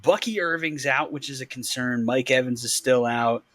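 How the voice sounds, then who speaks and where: A man's voice: mid-range voice, normal speed, bright, forceful tone, no echo. A man with a mid-range voice recorded close and dry, with no room sound. He co-hosts a casual football chat in an easygoing, rambling way and laughs often. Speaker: podcast co-host.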